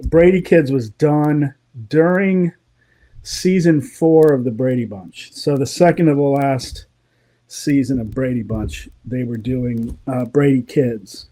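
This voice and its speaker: Guy guest chatting away, mellow warm tone, laughs a lot, pretty opinionated. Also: medium pitch, slow. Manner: animated, opinionated, laughing storyteller. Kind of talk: casual interview chat.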